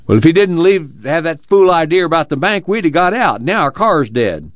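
A man reading an audiobook, voicing an enraged grown man who shouts accusations, in a dull lo-fi radio recording. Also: lowish voice, fairly even intonation, normal speed, no echo, close to an everyday voice. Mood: angry.

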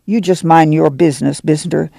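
A man's voice: a little high, fairly even intonation, moderate pace, vocal fry, no room sound. Male reader doing a stern, protective farm mother, drawl, dry close read. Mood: firm. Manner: firm, hushed and protective. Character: weary, stern rural mother of a migrant family. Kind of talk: audiobook character voice.

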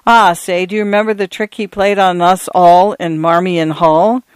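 A man's voice: sits high, steady tone, moderate pace, clear, resonant tone, dry recording, lightly acted. A man reading an audiobook voices a genial, chatty priest in his fifties who enjoys passing on gossip. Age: 50s. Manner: easygoing, chatty.

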